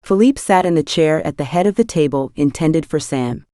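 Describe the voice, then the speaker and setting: Lady reading a novel aloud, low pitch, steady, dead dry sound. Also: no echo. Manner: even, measured storytelling. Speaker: audiobook narrator. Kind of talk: scripted narration.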